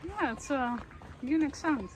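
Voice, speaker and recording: High-voiced woman chatting on a hike. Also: animated, normal speed, a crowd in the background. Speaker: travel companion. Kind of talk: casual chat. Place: outdoors on a coastal walking trail.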